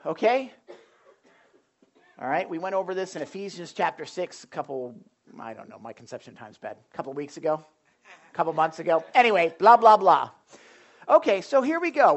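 Heard in lo-fi sound, a high-voiced male pastor gives a casual, conversational sermon, breaking it up with jokes and asides to the congregation.

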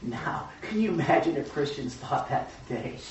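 A man leading a group Bible study, teaching excitedly and acting out voices of the crowd as he goes. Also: fairly high pitch, a little hiss or hum. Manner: excitable, acts out crowd voices, talks fast in bursts. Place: room with a small study group. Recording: echoey room, distant mic, dull lo-fi sound.

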